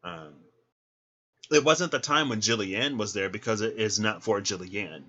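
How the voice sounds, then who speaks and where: A man giving a casual tarot reading, chatty and animated, who laughs often and acts out little scenes. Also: fairly low pitch, measured pace, highs cut off. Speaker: tarot reader.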